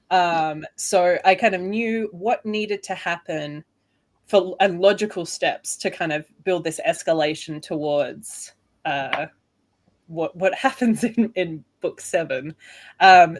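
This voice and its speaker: A woman in her thirties from Australia with an Australian accent, chatting as a guest author and laughing often. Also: fairly low pitch. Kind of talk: casual interview chat.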